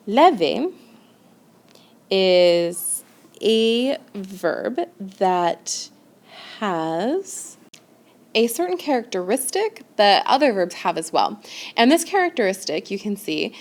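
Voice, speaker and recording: A woman teaching a recorded grammar lesson, talking at an unhurried pace in a mid-range voice. She explains each point step by step and keeps checking in with her students. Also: medium pitch, big pitch swings. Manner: patient, explains step by step with frequent "okay?" checks. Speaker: French teacher.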